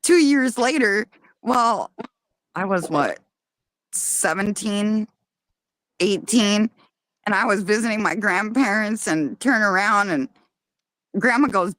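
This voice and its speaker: A woman co-hosting a casual chat on a remote call, telling a family story with animated asides. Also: mid-range voice, takes it slowly, long pauses, no room sound. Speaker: co-host. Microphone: remote call mic.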